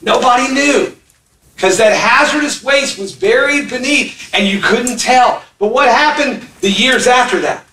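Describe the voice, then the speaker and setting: This pastor in his fifties speaks a little slowly in an extremely high, pushed, bright voice while preaching in a church sanctuary. He tells stories, performs voices, and laughs along, recorded from afar in an echoey hall with a little hiss or hum.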